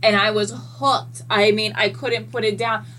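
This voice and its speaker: A woman guest in a casual podcast chat, telling stories in an animated way and swearing freely. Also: mid-range voice, moderate pace, poor audio. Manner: animated, profane storyteller.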